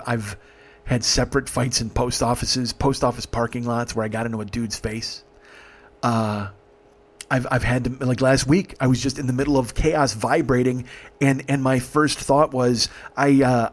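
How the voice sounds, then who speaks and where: Profane, intense comedian telling a story. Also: male voice, mid-range voice. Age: 40s. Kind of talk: comedic storytelling podcast monologue.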